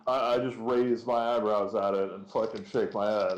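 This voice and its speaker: A man's voice: lowish voice, little pitch movement, moderate pace, hardly any pauses. A man playing a tabletop game, casual and swearing often. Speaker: player. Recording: echoey room.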